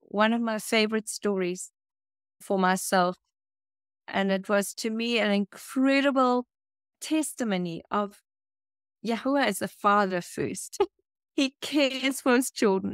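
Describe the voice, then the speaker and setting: A woman's voice: fairly high pitch, measured pace, clean tone, dry recording, clean studio sound. A woman guest from South Africa telling a personal faith story, emotional and laughing often as she talks.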